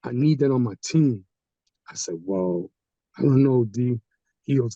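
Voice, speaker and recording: Animated male storyteller, dark timbre, dry and slightly dull recording. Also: medium pitch, unhurried, dry recording. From Haitian community. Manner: animated, acts out quoted people. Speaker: guest storyteller. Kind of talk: casual storytelling. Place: studio.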